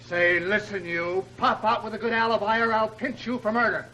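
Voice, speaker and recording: A brash, wisecracking inspector from an early 1930s picture, barking orders. His voice is high and bright. A faint old-soundtrack hiss lies under it. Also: little pitch movement, normal speed, dull audio. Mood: bossy. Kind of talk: 1930s film acting.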